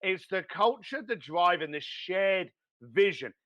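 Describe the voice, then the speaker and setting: Guy, high voice that swings all over, blunt and animated, swears a bit. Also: a little slow, muffled recording. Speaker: guest. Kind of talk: motivational business talk.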